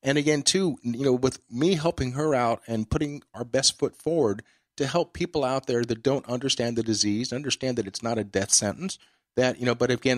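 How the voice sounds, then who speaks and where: A man's voice: medium pitch, no room sound. Rambling male podcast host, very dry sound. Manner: storytelling, rambling with many fillers. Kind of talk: casual interview chat.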